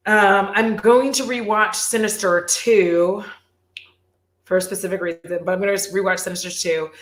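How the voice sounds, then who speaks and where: A woman vlogger chatting casually on a livestream, animated, swearing and laughing often. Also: medium pitch, normal speed, reverberant.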